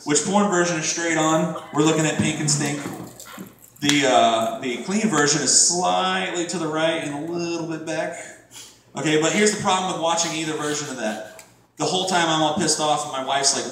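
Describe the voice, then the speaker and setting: High-voiced man doing crude stand-up. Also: normal speed, far from the mic. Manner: crude, jumps into shouted high-pitched impressions. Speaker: stand-up comedian. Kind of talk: stand-up comedy set. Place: comedy club stage. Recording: very echoey room from afar, faint noise.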